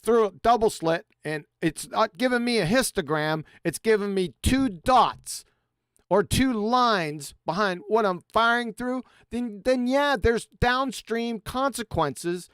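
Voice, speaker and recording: A man's voice: high voice, animated, slow, clear, resonant tone, dry recording. A man hosting a live call-in debate, lecturing and insistent, often repeating himself as he explains. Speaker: host.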